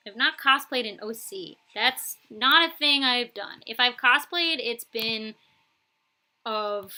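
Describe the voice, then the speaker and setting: Young woman w a little new york accent, chatty, lots of ums and laughs, really bright voice. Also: fairly high pitch, poor audio. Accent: light New York, touch of Boston. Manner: chatty, laughs often, many fillers. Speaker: art streamer. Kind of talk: casual live-stream chat.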